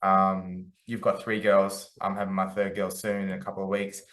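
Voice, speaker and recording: A man's voice: low voice, monotone, normal speed, a bit bright. A man in his forties hosting a casual interview chat, asking questions in an easygoing, chatty way. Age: 40s. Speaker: podcast host. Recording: echoey room.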